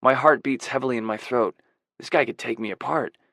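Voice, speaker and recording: A man narrating a first-person audiobook in a measured, introspective way. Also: mid-range voice, vocal fry, a bit bright, no room sound. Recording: dry close audiobook recording.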